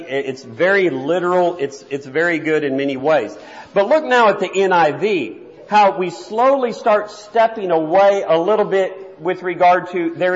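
A man teaching a church Bible class in a conversational way, often repeating words and slowing down to read verses aloud. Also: fairly high pitch. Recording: dull sound, long reverb in a hall.

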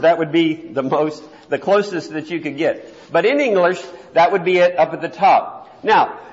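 A man teaching a church Bible class in a conversational way, often repeating words and slowing down to read verses aloud. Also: a little high. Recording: dull sound, long reverb in a hall.

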